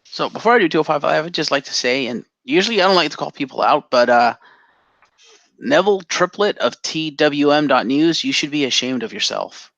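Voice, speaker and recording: Man, rambling recapper, slightly high voice, dry muffled mic. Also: animated, brisk, gravelly, fairly bright tone, no room sound. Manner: rambling, swears, restarts. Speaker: podcast co-host. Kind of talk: casual chat.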